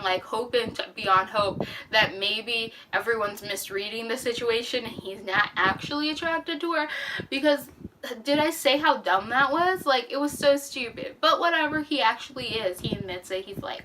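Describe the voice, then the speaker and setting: A woman's voice: mid-range voice, normal speed. Exasperated young woman ranting about a book. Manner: exasperated, rambling, heavy use of "like". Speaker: book reviewer. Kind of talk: casual chat. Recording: slightly distant mic with faint hiss.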